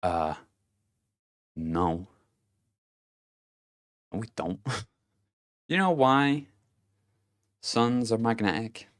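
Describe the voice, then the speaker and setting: A man's voice: lowish voice, animated, extremely slow, pauses often. A man giving a casual motivational monologue to camera, blunt and profane, chuckling between his points. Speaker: vlogger.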